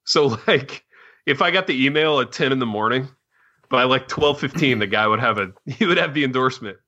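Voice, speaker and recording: A man's voice: medium pitch, lively intonation, fairly quick, bright, forceful tone, highs cut off. A man co-hosting a podcast in casual chat, laid-back and jokey, tossing in slang like dude. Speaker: podcast co-host.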